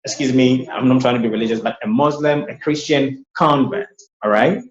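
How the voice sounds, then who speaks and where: A man with a medium-pitched voice speaks quickly while tutoring English pronunciation in an online lesson with screen sharing. He explains things patiently and often repeats himself. The recording sounds roomy, dull, and lo-fi.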